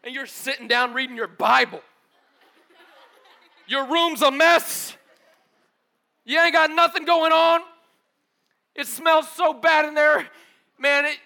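High, bright-voiced animated preacher. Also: male voice, creaky. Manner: animated storytelling, acts out voices, casual slang. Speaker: pastor. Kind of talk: sermon.

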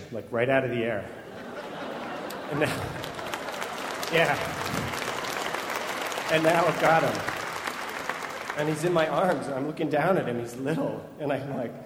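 A man telling a personal story to an audience, lively and laughing often as he piles on vivid detail. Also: mid-range voice, heavy background noise. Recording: echoey hall playback with faint ambience.

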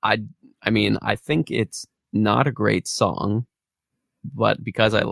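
A man co-hosting a podcast in relaxed casual chat, chuckling often. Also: fairly low pitch, slow pace, gravelly, dry recording, clean studio sound. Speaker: podcast co-host.

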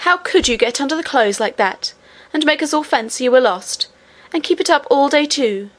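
A woman's voice: sits high, animated, normal speed, pitched above the performer's own voice. A woman voicing a frightened, angry nurse scolding a child. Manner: sharp and scolding.

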